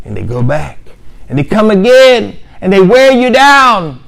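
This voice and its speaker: A man's voice: sits high, sing-song, measured pace, gravelly, a bit bright. A man giving a religious lesson as a lecturer, emphatic and repetitive, with storytelling asides. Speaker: Islamic lecturer.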